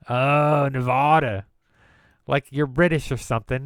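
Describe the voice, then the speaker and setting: A man's voice: lowish voice, normal speed, creaky, dry recording, studio quality. A man streaming from his computer at home, chatting casually and rambling into jokes and word games. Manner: rambling and jokey, riffing on words. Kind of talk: casual live-stream chat.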